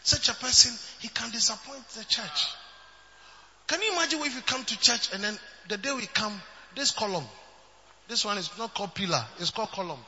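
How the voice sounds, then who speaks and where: A man preaching a sermon, moving between loud shouting and quieter storytelling. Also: high voice, animated, brisk, long reverb tail, a little hiss or hum. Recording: dull lo-fi recording.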